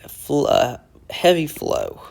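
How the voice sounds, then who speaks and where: A man teaching casually, breaking phrases down slowly and repeating them word by word as he explains their meaning. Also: fairly high pitch, huge pitch swings, creaky. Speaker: language teacher explaining song lyrics. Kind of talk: casual lyric breakdown lesson.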